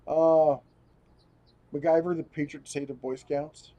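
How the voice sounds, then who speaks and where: A man's voice: on the high side, little pitch movement, measured pace, mellow, lo-fi sound. A man hosting a casual live stream, rambling as he reads viewer comments aloud and chats. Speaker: host.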